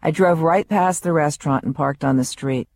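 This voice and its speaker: A woman reading her own memoir aloud, wry and vivid in her storytelling. Her voice is warm and mellow, recorded close and dry with no room sound. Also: deep voice, normal speed, dry recording.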